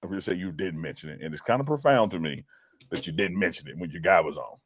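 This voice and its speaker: A man co-hosting a casual live stream, joking and teasing his partner and stumbling over repeated words when he gets excited. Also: deep voice, fast talker, a little hiss or hum. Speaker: podcast co-host.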